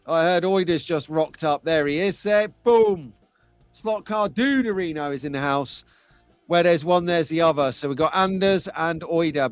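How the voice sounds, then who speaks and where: A man's voice: fairly high pitch, no echo. A middle-aged man hosting a casual live stream from home, chatty and jokey as he reads out viewers' comments. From England. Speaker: host of a live slot car stream.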